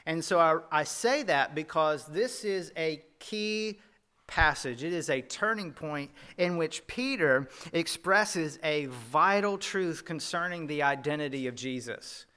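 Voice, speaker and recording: A Southern US pastor preaches with a light, high-set voice and a bright, forceful edge. He keeps the tone conversational and throws rhetorical questions to the congregation. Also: expressive, a little slow, clear, resonant tone. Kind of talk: sermon.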